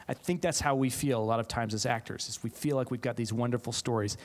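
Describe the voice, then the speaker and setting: A man, a theatre teacher, giving an animated keynote talk to a live audience, often laughing and restarting his sentences. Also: mid-range voice, quick pace, few pauses. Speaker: keynote speaker, theatre faculty member. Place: large auditorium, live audience. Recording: auditorium with long reverb.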